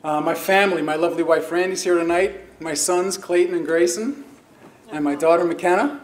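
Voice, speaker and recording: A man's voice: a little high, moderate pace. A middle-aged man giving a chatty, self-deprecating banquet acceptance speech as a hall of fame inductee, laughing at his own stories. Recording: roomy hall with faint noise.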